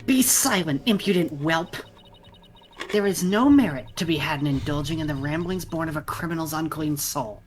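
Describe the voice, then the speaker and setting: A woman's voice: deep voice, normal speed, slight background noise, lightly acted. A woman voicing a haughty, cold young royal priestess in a game playthrough. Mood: imperious. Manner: cold and imperious.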